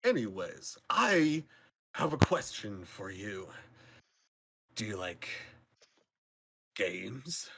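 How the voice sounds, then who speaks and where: A man voicing a sly male orc gambler who talks smoothly and persuasively in a tabletop game. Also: lowish voice, very animated, extremely slow, pauses often, bright, forceful tone, slight background noise, heavily acted. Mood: coaxing.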